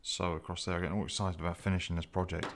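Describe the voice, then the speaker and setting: A man's voice: low voice, level tone, rapid-fire, noisy background. A tired man talking casually to the camera while doing leatherwork, muttering to himself as he works. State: tired after a long week. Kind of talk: casual workshop vlog narration.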